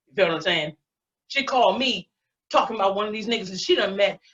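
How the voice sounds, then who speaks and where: A fast-talking woman in her forties from Baltimore, USA, with a medium-pitched, expressive, slightly bright voice. She's a stand-up comedian doing a set full of brash, profane storytelling, heard through muffled online stream audio.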